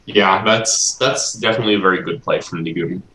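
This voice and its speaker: Laid-back low-voiced male co-commentator. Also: a little fast, pushed and bright, a little hiss or hum. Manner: laid-back, analytical, hedging with ums. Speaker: esports co-commentator. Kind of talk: casual live-stream commentary. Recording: echoey room on a stream mic.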